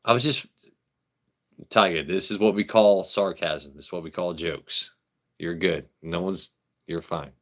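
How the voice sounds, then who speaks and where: A man's voice: sits low, a little slow, pauses often, a bit bright, muffled recording. A man hosting a casual live stream, rambling, joking with his chat and swearing freely. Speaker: livestream host.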